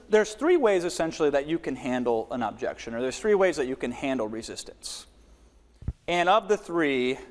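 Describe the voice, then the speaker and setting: A man teaching a live workshop on selling, who demonstrates delivery by swinging his volume, pace and pitch. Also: in a large hall. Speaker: webinar trainer.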